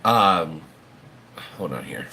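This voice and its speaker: A man's voice: low-pitched, big pitch swings, takes it slowly, gravelly, pushed and bright, a little hiss or hum. A man hosting a livestream, chatting casually in a rambling, folksy way and swearing now and then. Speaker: livestream host.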